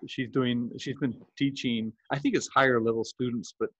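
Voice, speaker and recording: A man's voice: mid-range voice, steady tone, moderate pace, a bit bright, no room sound. Man, video call host, rambling, restarts sentences, dry, dull lo-fi audio. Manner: rambling, self-interrupting. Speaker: host and journal editor. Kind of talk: casual video call chat.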